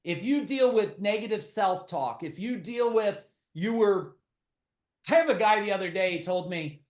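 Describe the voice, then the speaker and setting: A middle-aged man, a podcast guest, tells blunt, profane stories in casual interview talk, full of quick asides. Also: sits high, lively intonation, roomy sound.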